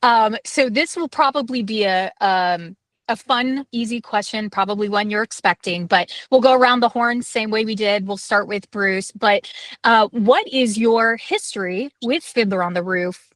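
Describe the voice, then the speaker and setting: A woman's voice: mid-range voice, normal speed, a bit bright, no echo. A woman hosting a casual interview over a video call, upbeat and full of fillers. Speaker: host.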